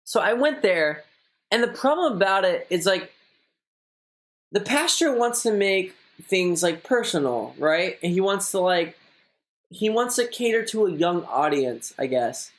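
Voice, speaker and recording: A man's voice: high-pitched, very animated, a little slow, a bit bright. A young man streaming, reading viewer messages aloud and chatting casually in a rambling way, full of filler words. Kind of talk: casual live-stream chat.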